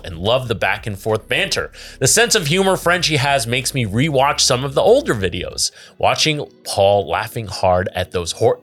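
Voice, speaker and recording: A man's voice: fairly low pitch, fairly bright tone. A man hosting a podcast, tipsy, laughing often and chatting while he reads viewer comments aloud. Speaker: podcast host. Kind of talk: casual podcast chat.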